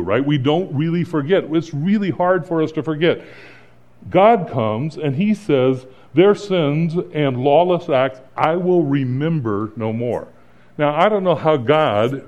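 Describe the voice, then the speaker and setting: A middle-aged man preaching as a pastor in an earnest, conversational way, pausing and restarting, then rising to emphatic points. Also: medium pitch, darkish tone. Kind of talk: sermon. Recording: slightly dull, lo-fi sound.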